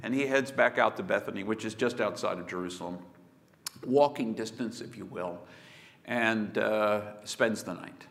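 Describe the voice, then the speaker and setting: A man preaching a sermon, telling the story with swings between loud bursts and hushed asides. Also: fairly low pitch, moderate pace, creaky. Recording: long hall reverb.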